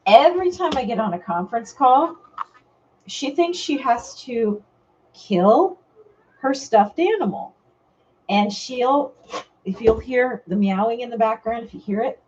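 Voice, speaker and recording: Chatty lady on a home live stream, slow and a bit high, dull lo-fi sound with faint hiss. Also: darkish tone. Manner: chatty, laughs often, talks to viewers by name. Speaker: vlog host. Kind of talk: casual live-stream chat.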